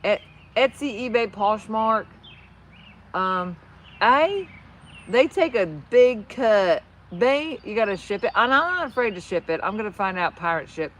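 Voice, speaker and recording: A woman's voice: mid-range voice, animated, moderate pace, a bit bright. A woman with a New Jersey accent chatting casually on a livestream, rambling and laughing often. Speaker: livestream host. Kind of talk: casual livestream chat with viewers. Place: outdoors with horses.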